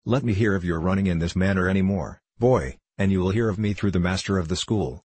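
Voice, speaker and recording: Man playing a stern practical gentleman, commanding, measured, very deep, husky. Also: no room sound. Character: stern older male schoolmaster type, strict, practical.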